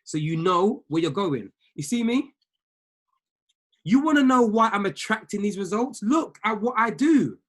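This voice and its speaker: A trading coach's voice sits high and swings widely in pitch, with a slightly bright tone and an unhurried pace. Giving a group a motivational talk, he exhorts like a preacher, repeating lines and talking right to his listeners.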